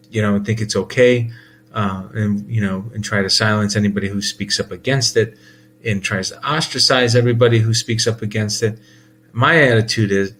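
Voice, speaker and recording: A man's voice: lowish voice, a bit bright, slight background noise. A man talking in a casual monologue, rambling and heated, with many restarts and laughs. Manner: heated, emphatic. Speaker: podcast host.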